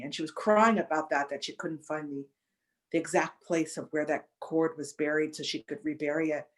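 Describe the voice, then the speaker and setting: Woman telling a story, close to tears. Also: lowish voice. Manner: halting, many restarts and fillers, emotional. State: near tears. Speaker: podcast guest. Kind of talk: reflective storytelling.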